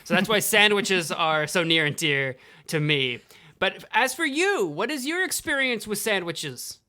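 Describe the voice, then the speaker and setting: A man's voice: high voice, very animated, unhurried, bright, forceful tone. A young man co-hosting a podcast in casual chat, playful and jokey, laughing often. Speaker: podcast co-host.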